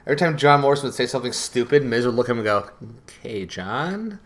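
A man in his thirties from Connecticut co-hosting a casual podcast chat, loud and jokey, swearing and slipping into goofy voices. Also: mid-range voice, fairly even intonation, very fast. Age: 30s. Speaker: podcast co-host.

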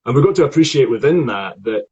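Scottish male voice coach, husky, conversational teaching tone, lots of restarts. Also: mid-range voice, expressive, fast talker, dark tone, lo-fi sound. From Scotland. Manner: chatty, explanatory, frequent restarts. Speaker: acting voice coach. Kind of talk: online acting lesson conversation.

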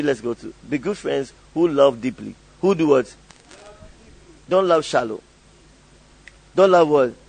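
A man's voice: on the high side, creaky, a little mellow, breathy edge, rough recording. A male pastor preaching a sermon, calling on the congregation to fill in and repeat lines, often laughing. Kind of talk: call-and-response sermon.

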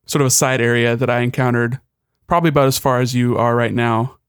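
A man's voice: medium pitch, level tone, fast talker, smooth, no echo, studio quality. A young man co-hosting a gaming podcast, level-headed and drily teasing. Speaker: podcast co-host. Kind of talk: casual chat.

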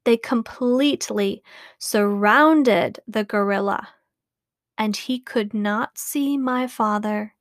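Slow, careful woman reading a storybook. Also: medium pitch, no echo, studio quality. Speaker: audiobook reader.

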